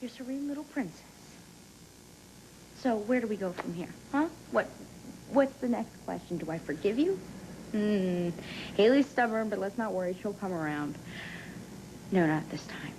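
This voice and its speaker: A woman's voice: mid-range voice, expressive, moderate pace, a little mellow, a little hiss or hum, close to an everyday voice, rough recording. An actress playing a bitter, sarcastic young woman who mocks and confronts her father in a daytime soap. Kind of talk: 1990s daytime soap acting.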